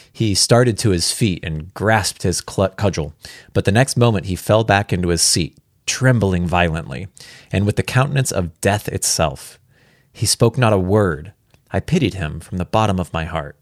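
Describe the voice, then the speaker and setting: A man casually reading a classic story aloud, relaxed and chatty, breaking off now and then to comment on the text. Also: low voice, normal speed, no echo, clean studio sound. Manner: relaxed, chatty, comments and laughs at his own slips. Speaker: reader.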